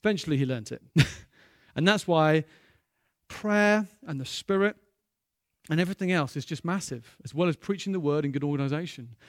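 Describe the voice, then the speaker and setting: Male preacher, fairly high voice, animated storyteller with loud peaks, dry close mic. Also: moderate pace, no echo. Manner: lively storytelling with bursts of loud excitement. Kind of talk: sermon.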